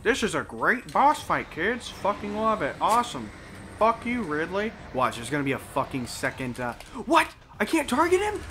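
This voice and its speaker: A man's voice: high-pitched, fairly bright tone, slight background noise. A young man co-hosting a let's play, ranting profanely and in exasperation at the game. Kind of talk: gaming commentary.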